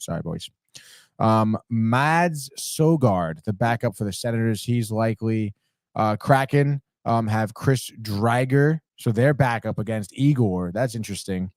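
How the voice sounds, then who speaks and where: A man's voice: lowish voice, a little slow, a little mellow, dry recording, studio quality. A man hosting a live sports podcast alone, trash-talking teams, swearing and calling everyone "dude" as he reads chat comments. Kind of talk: live sports betting talk.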